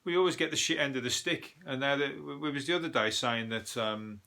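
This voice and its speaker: A comedian from Birmingham talks in a broad Brummie accent, rambling from story to story with plenty of swearing and chuckles at his own lines. His voice is bright and forceful, sitting at an ordinary male pitch. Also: brisk, creaky. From Birmingham, England. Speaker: comedian and show host. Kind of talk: casual comedic monologue.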